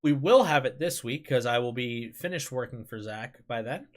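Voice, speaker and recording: A man's voice: medium pitch, animated, moderate pace. A man hosting a casual livestream chat, rambling with lots of fillers, laughing and swearing as he talks. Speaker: streamer host.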